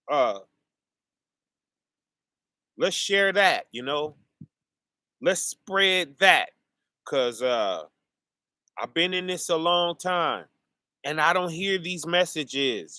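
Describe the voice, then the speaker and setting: Male preacher, slow and deliberate, dry and close-miked. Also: fairly high pitch, bright, forceful tone, no room sound. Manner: rhetorical questions, calling out to listeners. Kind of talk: informal preaching monologue.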